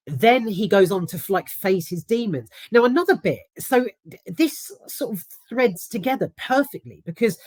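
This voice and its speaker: A woman's voice: on the low side, dry recording. A woman giving a casual, rambling spoken film review, emphatic and swearing freely.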